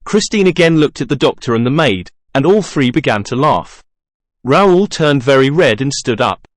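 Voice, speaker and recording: A man reading a classic novel aloud as a narrator, in an even, measured way with little character acting. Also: mid-range voice, dry recording, clean studio sound. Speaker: audiobook narrator. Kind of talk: scripted narration.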